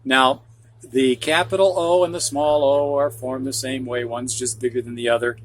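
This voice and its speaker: A man's voice: medium pitch, steady tone, moderate pace, slight background noise. A middle-aged man with a Midwestern accent teaching a phonics lesson, patient and repeating each word twice. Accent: Midwestern US (Ohio, Michigan). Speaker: reading teacher.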